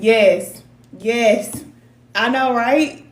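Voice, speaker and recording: A woman in her forties, who works as a spiritual advisor, chats casually and at length on a livestream, reading out viewer comments. Her voice is fairly high, with a steady tone and a slow pace. The room sounds roomy, with faint noise.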